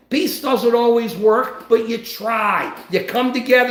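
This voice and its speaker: A man's voice: very high-pitched, a little slow, few pauses, reverberant, poor audio. A man hosting a podcast and giving impassioned political talk, emphatic and preachy, repeating his phrases. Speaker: podcast host.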